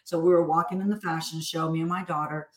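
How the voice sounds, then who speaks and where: A woman's voice: low voice, fast talker. A woman from Texas, a business-owner guest, chatting casually and acting out family conversations as she tells stories. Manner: animated, acts out family dialogue. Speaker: entrepreneur guest. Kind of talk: casual interview storytelling. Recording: echoey room.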